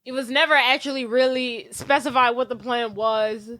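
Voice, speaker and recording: A woman's voice: a little high, fairly even intonation, moderate pace, fairly bright tone, dry recording. A woman co-hosting a movie recap podcast, chatting casually, exasperated and laughing as she acts out the characters. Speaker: podcast co-host.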